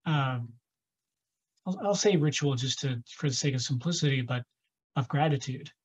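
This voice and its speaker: A man's voice: medium pitch, moderate pace, husky, poor audio. A man hosting a podcast in casual conversation, rambling along with many fillers and restarts. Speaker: podcast host.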